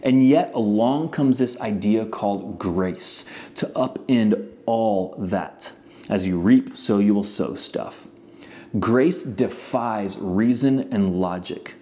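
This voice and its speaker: A man's voice: medium pitch, mellow. A man speaking earnestly and personally in an interview clip. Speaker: rock musician in an interview clip. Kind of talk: reflective interview talk.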